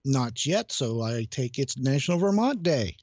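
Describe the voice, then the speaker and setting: A man's voice: medium pitch, sing-song, normal speed, a little mellow, no echo, dull audio. A man co-hosting a casual radio show, chiming in with wisecracks and easy laughs. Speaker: radio co-host.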